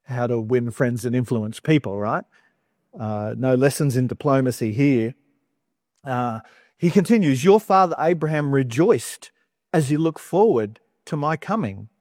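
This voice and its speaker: A man's voice: medium pitch, lively intonation, unhurried, a little mellow, dry recording, studio quality. A man, giving a conversational Bible teaching as a preacher, with casual, playful asides.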